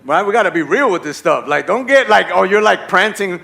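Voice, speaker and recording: Bright, high-voiced male preacher telling stories. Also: fairly quick, creaky. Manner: animated, acts out voices in his stories; conversational, checks in with the audience. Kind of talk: storytelling sermon.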